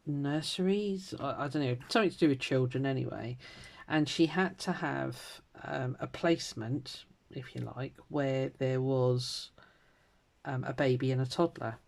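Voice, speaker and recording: A woman in her fifties chatting casually at home as she stitches, rambling from story to story and trailing into quiet mutters. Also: a bass voice. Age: 50s. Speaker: crafter vlogger. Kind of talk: casual chat while stitching.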